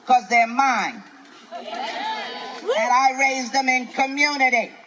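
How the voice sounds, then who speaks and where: Brash, high-voiced New York woman comic. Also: sing-song, slow, a crowd in the background, rough recording. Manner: brash, profane, preachy rants. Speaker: stand-up comedian. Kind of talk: live stand-up set. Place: outdoor festival stage.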